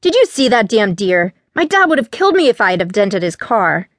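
A woman's voice: mid-range voice, very animated, a little fast, no echo, natural voice. A woman reading an audiobook voices a careless, teasing teenage boy in a voice close to her own. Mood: rattled. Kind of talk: audiobook character voice.

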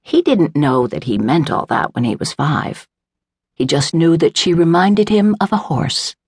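A woman reading a literary novel aloud in a measured, unhurried way, voicing the characters lightly. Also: deep voice, very animated, a little mellow, slightly rough, dry recording, studio quality. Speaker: audiobook narrator. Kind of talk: scripted narration. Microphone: close studio mic, dry.

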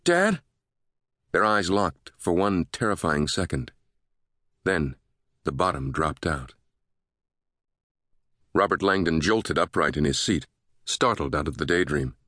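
A man narrating a thriller audiobook in a steady, measured way. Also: extremely low pitch, no echo, studio quality.

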